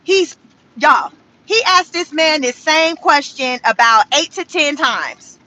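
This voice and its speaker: A woman hosting casual political commentary, animated and laughing often, talking straight to her viewers. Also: sits high, poor audio.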